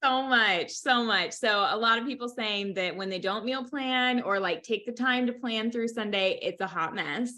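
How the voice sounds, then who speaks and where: A woman's voice: on the high side, moderate pace, few pauses, sharp tone. A woman on a livestream reading viewer comments aloud in a friendly, laughing way. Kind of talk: casual livestream chat.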